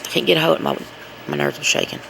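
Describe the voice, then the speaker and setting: A woman's voice: deep voice, big pitch swings, quick pace, vocal fry, background noise. A woman filming at home, chatting and coaxing her pets in a singsong voice. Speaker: pet owner filming at home. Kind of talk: casual home video, talking to pets. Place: home, indoors.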